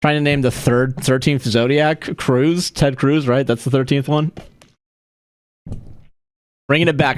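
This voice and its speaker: A man's voice: mid-range voice, takes it slowly, long pauses, clear, resonant tone. A man livestreaming a game, chatting casually in a rambling, profane way and laughing often. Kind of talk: casual chat while streaming a game.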